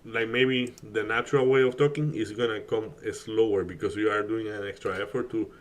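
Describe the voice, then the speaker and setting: A man whose first language is Spanish talks casually on a live stream. His voice sits a little low, and he rambles, restarting his sentences and filling the gaps with "like". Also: fairly even intonation, fairly quick. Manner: rambling, many fillers and restarts. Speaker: day trading streamer.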